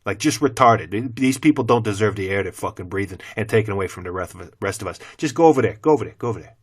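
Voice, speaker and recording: A man's voice: fairly low pitch, lively intonation, quick pace, slightly rough. Blunt, foul-mouthed middle-aged man ranting. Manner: blunt, heavy cursing, loud swings into mocking. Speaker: former teacher turned channel host. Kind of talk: profane opinion rant to camera.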